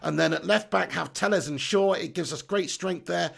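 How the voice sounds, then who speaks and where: High, gravelly-voiced chatty man. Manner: chatty, upbeat, quick to laugh at himself. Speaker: football channel host reading live chat. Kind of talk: casual live-stream chat.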